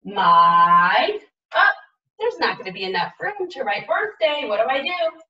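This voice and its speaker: A woman teaching a writing lesson to young children, modeling aloud and sounding out letters slowly and with exaggeration. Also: on the high side, sing-song, roomy sound, recorded from a distance, lo-fi sound.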